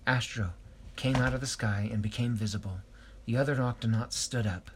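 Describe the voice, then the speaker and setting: A man telling an improvised story, hesitant, pausing and correcting himself. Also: mid-range voice, a little hiss or hum.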